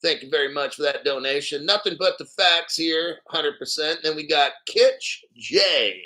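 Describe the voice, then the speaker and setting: A man hosting a livestream, talking in an excitable, profane way that breaks into shouts. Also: fairly high pitch, normal speed. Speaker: livestream host. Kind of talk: excited crypto livestream chat.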